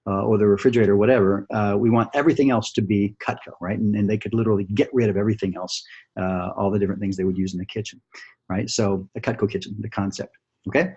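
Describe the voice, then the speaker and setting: Low, husky-voiced man coaching salespeople. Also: steady tone, fast talker, warm tone, highs cut off. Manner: coaching, repeats "right?" and "okay?", thinks aloud with fillers. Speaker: sales trainer. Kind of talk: screen-share sales training.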